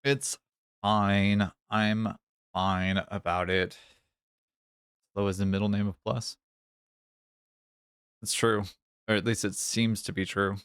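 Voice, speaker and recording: A man with a lowish voice chats slowly through a live game stream, cracking dumb jokes and cursing under his breath. English is not his first language, and his sound is dry and close. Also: level tone, fairly bright tone, clear, resonant tone, no room sound. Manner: joking, swears freely, mock-apologetic. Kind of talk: casual live-stream chat while playing.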